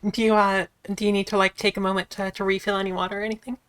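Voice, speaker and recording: A woman's voice: mid-range voice, level tone, very fast, a bit bright, clear, resonant tone. A woman co-hosting a game stream, chatting in an enthusiastic, supportive, giggly way. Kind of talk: casual chat.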